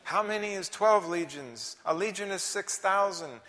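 A male preacher giving a sermon, swinging between shouted emphasis and hushed whispers. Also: sits high, normal speed. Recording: reverberant hall.

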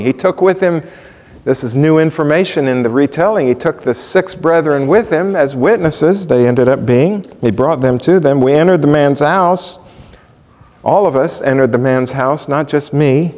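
A male pastor teaching through scripture with a lively, swooping delivery and a somewhat higher voice. He keeps asking the congregation questions. His voice rings with the long reverb of a large hall. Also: normal speed. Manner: animated, rhetorical questions to the congregation. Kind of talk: Bible teaching sermon.

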